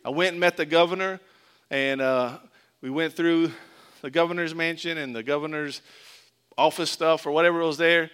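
A middle-aged man from Florida preaching in a loose, conversational way, slipping jokes in between scripture. His voice sits a little high and rings bright and clear, easy to follow as he tells a story from his boyhood. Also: steady tone, moderate pace. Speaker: pastor. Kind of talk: sermon with personal story.

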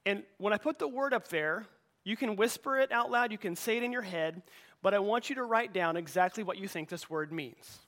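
A man with a notably high-pitched voice delivers a sermon to his church. He talks in a relaxed, conversational way, often repeating words and restarting his sentences as he goes. He sounds middle-aged. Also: fairly quick. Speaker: pastor. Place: church sanctuary.

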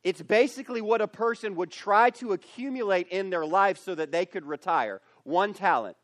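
Animated high-voiced male youth pastor. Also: moderate pace, no room sound. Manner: animated, acts out characters in the story. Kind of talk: youth camp sermon. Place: camp meeting space.

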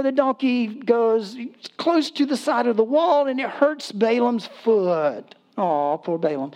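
A man preaching a sermon in a casual, humorous storytelling way, acting out voices and laughing as he goes. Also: high voice. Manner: acts out voices in quotes, animated. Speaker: pastor.

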